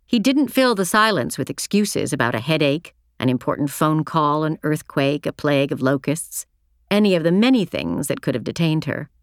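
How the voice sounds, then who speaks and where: A woman narrates a first-person novel in a measured, reflective reading. Her voice sits low, and the close studio recording is completely dry, with no room sound. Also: sing-song, no room sound. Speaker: audiobook narrator.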